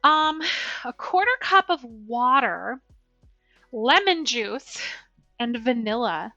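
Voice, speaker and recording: A woman's voice: lively intonation, slow, bright, forceful tone, no echo, highs cut off, soft background music. A young woman chatting casually through a cooking livestream, talking to her viewers. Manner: chatty, talks to her dog in a high baby voice. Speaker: streamer.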